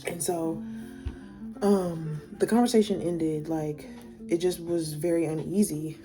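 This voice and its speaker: A woman's voice: deep voice, fairly even intonation, a little slow, music in the background. A young woman telling a personal story in a casual storytime, rambling with lots of fillers and swearing, her voice climbing when she gets worked up.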